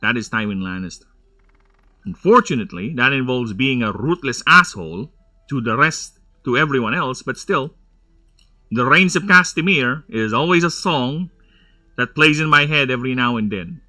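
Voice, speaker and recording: Sharp-voiced man rambling over gameplay. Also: mid-range voice, lively intonation, normal speed, faint music behind. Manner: rambling, nerdy tangents, frequent laughter. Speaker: gameplay streamer. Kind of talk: casual gameplay commentary.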